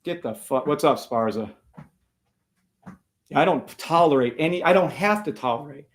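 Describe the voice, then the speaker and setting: A man's voice: fairly high pitch, expressive, moderate pace. A man hosting a live trading stream, taunting and swearing at viewers in a combative way.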